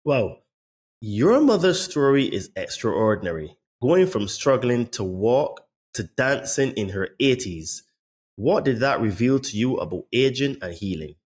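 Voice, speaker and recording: A man's voice: medium pitch, very animated, measured pace, darkish tone. A man hosting an interview podcast who asks his guest earnest, reflective questions. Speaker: podcast host.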